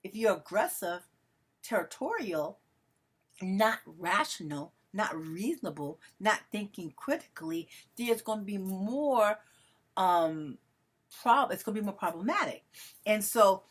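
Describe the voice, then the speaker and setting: Husky-voiced emotional woman vlogger. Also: mid-range voice, animated, a little slow. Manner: emotional, melodramatic, addresses viewers as family. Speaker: vlogger addressing her followers. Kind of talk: casual direct-to-camera monologue.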